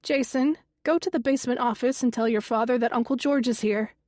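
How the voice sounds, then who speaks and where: A woman voicing an exasperated, stern mother who scolds her son in a raised, sharp voice, in an audiobook. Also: on the high side, fairly even intonation, fast talker, no room sound, clean studio sound, close to an everyday voice. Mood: scolding. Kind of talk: audiobook character voice.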